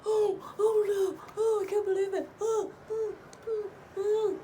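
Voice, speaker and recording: A woman's voice: very high-pitched, steady tone, measured pace, dark tone, a little hiss or hum, pitched above the performer's own voice. A woman doing a mocking impression of a flustered, whiny young man who wails dramatically. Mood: wailing.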